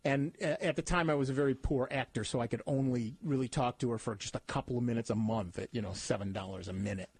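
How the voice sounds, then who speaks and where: A man's voice: mid-range voice, fast, few pauses, slightly rough, no room sound. A man hosting a radio talk show, chatting casually and telling rambling, self-mocking stories. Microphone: studio microphone.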